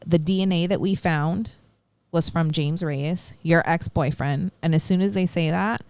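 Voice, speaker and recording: Chatting easily, a female podcast co-host with a fairly low voice walks through a true-crime case, imitating the people she quotes. Her delivery is animated and blunt with casual swearing, and the recording is close and dry with no room around it.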